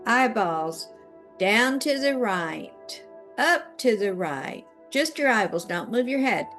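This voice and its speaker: A woman guides listeners through a tapping routine, speaking slowly and deliberately with a slightly high voice. She gives short instructions and repeats affirmations, and soft music plays faintly behind her. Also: very animated. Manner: slow, directive coaching with spoken affirmations.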